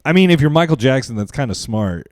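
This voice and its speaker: A man's voice: medium pitch, expressive, fast talker, no room sound, clean studio sound. A young man co-hosting a casual late-night podcast, rambling through stories, swearing and acting out quotes. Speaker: podcast co-host.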